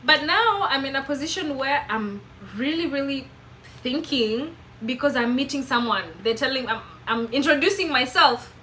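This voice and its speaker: Bright-voiced Kenyan woman vlogging. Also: sits high, a little hiss or hum, poor audio. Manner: earnest, questioning, self-reflective. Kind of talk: reflective personal vlog monologue.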